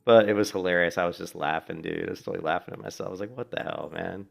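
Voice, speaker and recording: The speaker, a middle-aged man streaming a game from home in Florida, talks very fast in a low voice with vocal fry and a steady tone. His casual chat while playing is laid-back and rambling, full of stories and free swearing.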